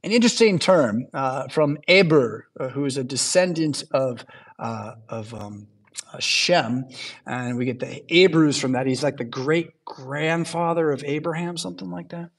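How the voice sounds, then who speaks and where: A man's voice: medium pitch, normal speed. A man preaching a sermon in a church in a conversational way, often checking in with his listeners. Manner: chatty asides, checks in with "right?" and "yeah?". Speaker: pastor.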